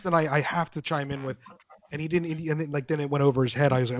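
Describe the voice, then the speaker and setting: An animated man in a casual chat, with a voice a little higher than most men's. He swears often and acts out the other people in his stories. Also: fast talker. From northern United States. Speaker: podcast guest.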